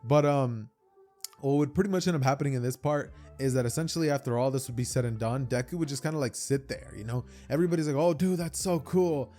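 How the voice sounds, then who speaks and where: A man's voice: mid-range voice, fast, mellow, faint music behind. A young man casually telling a fan-fiction story, rambling with stammered repeats and many fillers.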